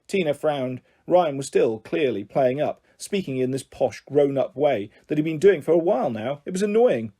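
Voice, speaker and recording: Brief: male children's audiobook narrator, animated delivery, mellow tone. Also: fairly high pitch, moderate pace, few pauses, husky. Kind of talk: storybook narration.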